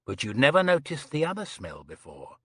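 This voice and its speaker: A man reading the part of a calm, courteous police inspector who asks measured, pleasant questions. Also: mid-range voice, slightly rough, dry recording, studio quality, exaggerated voice. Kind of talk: audiobook character reading.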